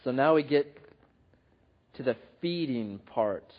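A man preaching a sermon as pastor, telling a story with lively acted quotes. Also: mid-range voice, slow pace, dull audio.

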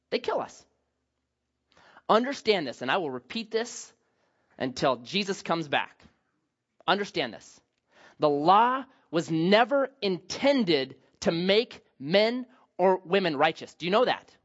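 A man pastor giving a sermon, telling Bible stories with humor and acted asides, on a dull lo-fi recording. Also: high voice.

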